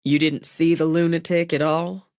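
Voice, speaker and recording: A woman's voice: deep voice, little pitch movement, moderate pace, darkish tone, no echo, studio quality. A woman reading voices a small-town lawman who talks in a mild, matter-of-fact way. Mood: calm, official.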